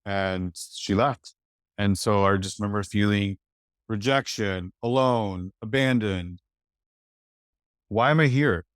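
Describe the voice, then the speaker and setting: A man from East Los Angeles, a podcast guest telling a personal story in a reflective, halting way full of "like". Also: on the low side, smooth, no echo, studio quality. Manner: reflective, halting, many "like" fillers.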